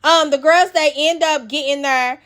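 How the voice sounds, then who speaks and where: A woman's voice: sits high, fairly even intonation, moderate pace, a bit bright. A woman host giving a blunt, profane, emphatic recap of a reality show episode. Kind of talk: casual recap commentary.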